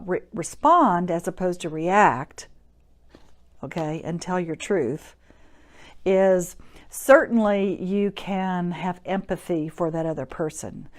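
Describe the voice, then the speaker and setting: A woman's voice: mid-range voice, darkish tone. A woman hosting a live-streamed talk, teaching in an encouraging, chatty way and greeting viewers by name. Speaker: host.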